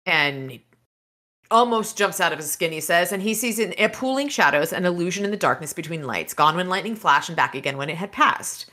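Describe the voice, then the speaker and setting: Bright-voiced woman recapping a book. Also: on the low side, expressive, fairly quick. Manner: rambling, many fillers and restarts while retelling. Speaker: podcast host.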